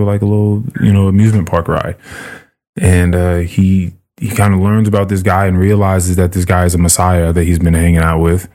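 A low-voiced man hosting a relaxed podcast. He tells stories with loose, swearing energy. When he quotes people, his voice jumps well up in pitch. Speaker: podcast host. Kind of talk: casual chat.

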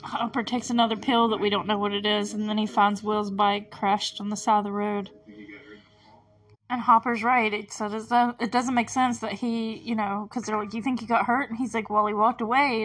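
A woman's voice: mid-range voice, level tone, normal speed, fairly bright tone. A woman hosts a podcast in a loose, conversational recap style. She talks in a mid-range voice, filling her sentences with "like" and "um" and breaking into laughter between remarks. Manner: chatty, filler-heavy, laughs between remarks. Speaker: podcast host. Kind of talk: casual TV episode recap.

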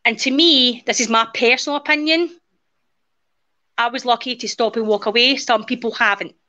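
A woman's voice: on the high side, moderate pace. A woman in her forties, a guest in an interview, casually telling a personal story and acting out the dialogue as she goes. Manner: lively retelling that acts out quoted dialogue. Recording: dull lo-fi audio.

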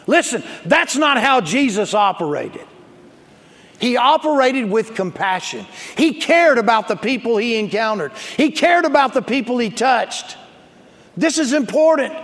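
A male pastor preaching a sermon, building to shouts and calling on the congregation to respond. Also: very high voice, long reverb tail.

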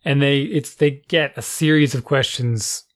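A man in casual conversation, telling a story with lively, exasperated asides and quoted dialogue. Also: mid-range voice, a little slow. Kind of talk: casual chat.

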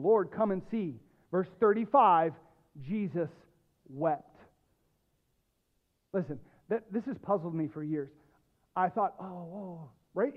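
A male pastor preaching a sermon, emphatic, dropping low and quiet and then rising with loud stress. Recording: tinny phone-like lo-fi sound.

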